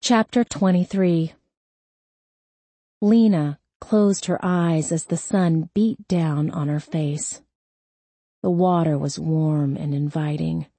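A woman narrating a crime novel audiobook in a measured, unhurried delivery. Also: sits low, dark tone, husky, no echo.

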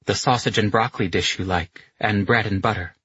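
A man's voice: on the low side, brisk, a bit bright, husky, no echo, muffled recording. A man voicing an affectionate young woman. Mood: warm.

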